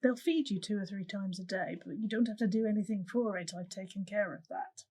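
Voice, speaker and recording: A woman playing in an improvised tabletop game, speaking gently and reassuringly in character. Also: medium pitch, brisk, husky. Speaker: player. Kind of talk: improvised tabletop role-play.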